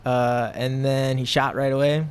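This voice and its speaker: A man's voice: mid-range voice, level tone, a little slow, clear, resonant tone. A young man, a professional fighter, talking casually on a podcast in a rambling way, full of fillers and restarts. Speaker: guest, professional MMA fighter.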